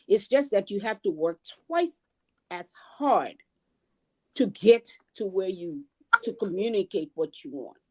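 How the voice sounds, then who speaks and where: A woman from Liberia on a video call, laying out her points in a measured, deliberate way during a casual group discussion. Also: medium pitch, dark tone. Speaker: panel guest.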